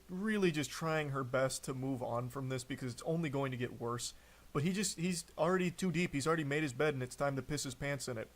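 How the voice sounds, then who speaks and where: A man's voice: medium pitch, brisk. A man streaming live, mocking and picking apart text messages as he reads them aloud, swearing often. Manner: incredulous, mocking commentary with frequent swearing. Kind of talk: live-stream reaction commentary.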